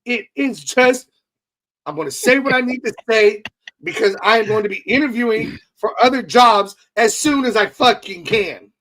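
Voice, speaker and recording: Very high-voiced blunt man. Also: expressive, normal speed, a bit bright, slight background noise, low-quality recording. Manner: blunt, swears freely. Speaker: podcast co-host. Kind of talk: casual sports talk.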